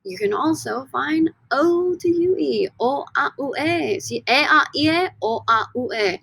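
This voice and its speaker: A woman teaching a recorded lesson from slides in an upbeat, teacherly way, often stretching words out slowly for emphasis. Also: high voice, expressive, gravelly, fairly bright tone, no echo. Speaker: Spanish teacher.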